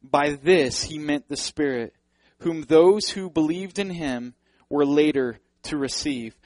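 Male pastor, higher-pitched voice, earnest and fervent, addresses congregation directly; dry, close recording. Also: slow pace, a little mellow, no echo, poor audio. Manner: earnest, building to fervent emphasis. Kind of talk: sermon.

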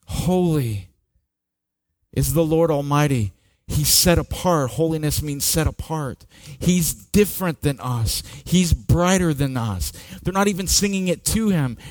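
A man preaching a sermon with slow, dramatic delivery, dropping to near-whispers and rising to loud peaks. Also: a little high, dry recording, studio quality. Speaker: pastor.

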